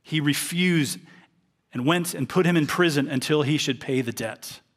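A man's voice: fairly high pitch, moderate pace, a bit bright. A man preaching a sermon, reading a parable aloud and explaining it earnestly. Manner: earnest, reads scripture aloud then explains it.

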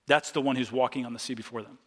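A man's voice: medium pitch, steady tone, very fast, a bit bright. Man, pastor, from Ohio, conversational sermon, frequent restarts, reverberant hall. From Ohio, USA. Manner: conversational teaching with restarts, reads scripture aloud. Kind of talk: expository sermon.

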